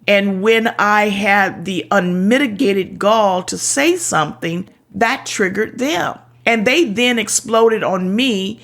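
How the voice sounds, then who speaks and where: An older woman speaks slowly and deliberately in a candid personal reflection. Her delivery is earnest and unhurried, with a mid-range pitch, and she occasionally curses for emphasis. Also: a bit bright. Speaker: author and speaker.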